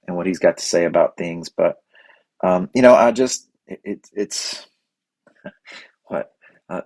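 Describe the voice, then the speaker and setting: A man hosting his own podcast, talking through his thoughts off-script in an earnest, halting way with many restarts. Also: low voice, husky, no room sound. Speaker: podcast host. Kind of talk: unscripted reflective monologue.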